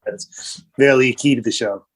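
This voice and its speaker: A middle-aged man, a comedy writer guest, chatting on a podcast in a relaxed, wry way. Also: mid-range voice, a little slow, breathy edge. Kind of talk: casual podcast chat.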